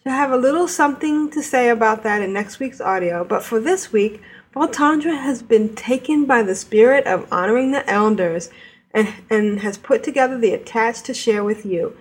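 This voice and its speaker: A woman hosting a gaming podcast, bubbly and giggly, reacting quickly to her co-hosts. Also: fairly high pitch, lively intonation, breathy edge. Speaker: podcast host. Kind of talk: casual podcast chat.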